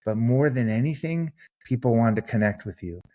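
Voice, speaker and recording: This podcast guest, an author, has a medium-pitched, warm voice that's animated at a normal speed. His lengthy, heartfelt replies come across as conversation, and he plays out the people featured in his anecdotes.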